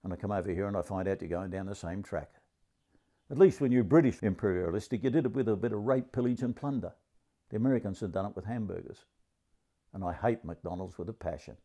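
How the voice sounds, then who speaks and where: A man in his seventies with an Australian accent, telling a crude, grumpy stand-up comedy story in a deadpan way. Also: on the low side. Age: 70s.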